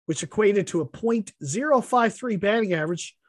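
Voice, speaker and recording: A man's voice: high-pitched, expressive, moderate pace, dry recording, studio quality. A man co-hosting a casual podcast, trading profane, mock-insulting trash talk with his partner. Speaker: podcast co-host. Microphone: podcast microphone.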